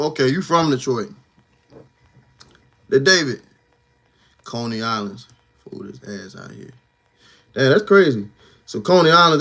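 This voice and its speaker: A man's voice: medium pitch, fairly bright tone. A man speaking hosts a casual livestream. His talk is loose and slangy, full of fillers, and he pushes a viewer with teasing, confrontational questions. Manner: loose slangy talk, frequent "you know what I'm saying". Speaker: livestream host.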